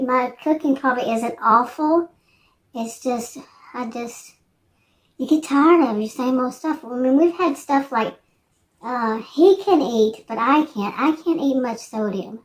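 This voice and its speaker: An older woman in her sixties rambles through a relaxed chat for her vlog. Her voice sits a little high, and she drifts between thoughts with frequent fillers and false starts. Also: measured pace. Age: 60s. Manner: meandering, hesitant, many restarts and fillers. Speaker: vlogger.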